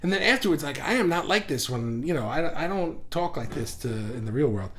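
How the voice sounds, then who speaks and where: A middle-aged man hosts a casual livestream, reading viewer comments aloud with energy and animation. His voice is fairly high and brisk, and he often restarts his sentences.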